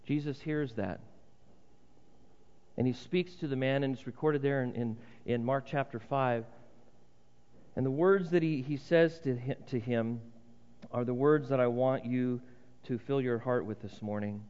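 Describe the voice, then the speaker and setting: A man preaching a sermon as pastor, earnest and dramatic, dropping to a hush for emphasis. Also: medium pitch, a little slow, pauses often. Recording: reverberant hall, dull lo-fi sound.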